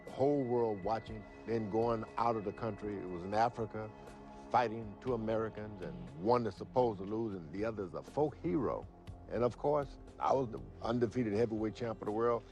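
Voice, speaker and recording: Deep-voiced older man reminiscing. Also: a little fast, a little mellow, faint music behind. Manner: folksy, reflective storytelling with fillers. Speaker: former boxer, guest. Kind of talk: sports interview answers.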